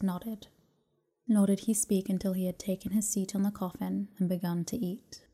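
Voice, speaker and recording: Low, mellow woman reading a bedtime story. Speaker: narrator.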